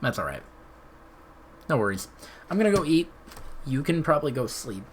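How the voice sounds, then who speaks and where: A man's voice: mid-range voice, sing-song, normal speed, slight background noise. A man hosting a live stream, chatting casually and rambling with frequent laughs. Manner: laid-back, rambling, laughs often. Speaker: streamer host.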